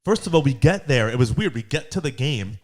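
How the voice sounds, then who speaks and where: A young man co-hosting a podcast, telling a story in casual chat and acting out quotes in high voices. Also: expressive, a little fast, darkish tone. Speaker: podcast co-host.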